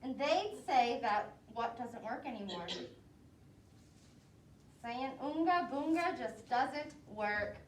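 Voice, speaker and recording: A woman preschool teacher reading a picture book aloud to young children, asking them questions as she goes. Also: a little high. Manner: slow, expressive, asks the children questions. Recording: roomy echo, voice from a distance, faint noise.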